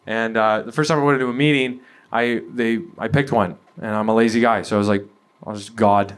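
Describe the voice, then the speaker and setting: A young man from Canada doing a stand-up comedy set, rambling and halting with lots of fillers. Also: medium pitch, steady tone, a bit bright, slight background noise. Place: comedy venue with a laughing audience.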